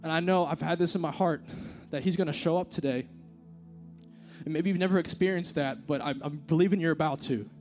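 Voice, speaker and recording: A young man preaches into a handheld mic at a church service, his voice sitting a little high for a man. He talks casually and earnestly, leaning on fillers and slang as he tells his story, and soft music plays faintly behind him. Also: a little fast. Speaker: youth speaker. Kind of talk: informal sermon with a personal story. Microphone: handheld microphone.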